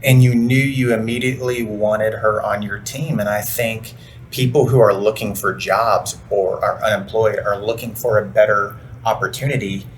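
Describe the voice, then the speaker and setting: A man's voice: fairly low pitch, steady tone. Guy hosting a business podcast, chatty and eager, bit of faint hiss behind. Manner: enthusiastic, affirming, quick to agree. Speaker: podcast host and recruiter. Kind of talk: casual interview chat.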